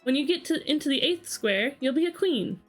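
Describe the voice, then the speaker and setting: A woman reading aloud and voicing a brisk, bossy, commanding queen in a storybook reading. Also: sits high, animated, faint music behind. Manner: brisk, commanding, matter-of-fact.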